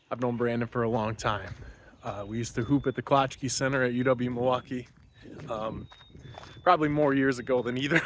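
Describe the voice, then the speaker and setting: A man's voice: mid-range voice, fairly bright tone. Male podcast host, casual rambling intro recorded while walking outside, slightly winded, faint background hiss. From Wisconsin. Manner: loose, rambling, many fillers. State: a little out of breath. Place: outdoors on a morning walk.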